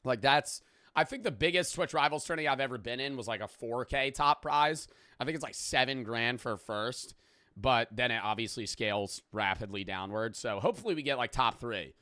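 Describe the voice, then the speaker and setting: A man's voice: mid-range voice, normal speed, sharp tone, no echo, studio quality. A male streamer chatting casually on a live stream, rambling and swearing freely as he reads donations aloud.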